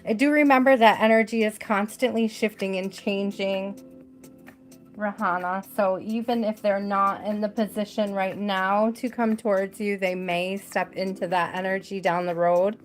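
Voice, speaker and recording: A woman giving a live tarot reading, gentle and emotional, repeating her words softly. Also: medium pitch, fairly even intonation, moderate pace, soft background music. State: tearful at times. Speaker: tarot reader.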